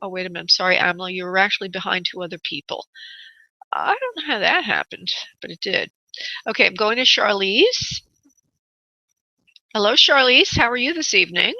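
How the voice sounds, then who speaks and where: A woman's voice: medium pitch, lively intonation, fairly quick, gravelly, long pauses, pushed and bright, dry recording, dull audio. A woman hosting a radio call-in show as a psychic medium, calling her callers honey and sweetheart.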